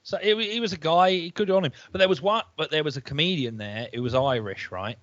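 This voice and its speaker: A comedian from England co-hosting a podcast over a video call, rambling through stories and acting out quotes in high voices. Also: male voice, brisk, a bit bright, no echo. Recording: muffled, dry call audio.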